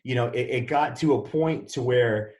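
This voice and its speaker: A man's voice: mid-range voice, moderate pace, a little mellow. A man telling his story as a podcast guest, acting out the dialogue he quotes. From Wisconsin. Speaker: podcast guest, real estate investor. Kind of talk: casual interview storytelling. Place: Dallas, Texas. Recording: roomy echo.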